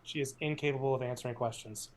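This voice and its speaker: A man speaking as a player in a tabletop game, talking in a halting, hesitant way. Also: mid-range voice, fairly even intonation.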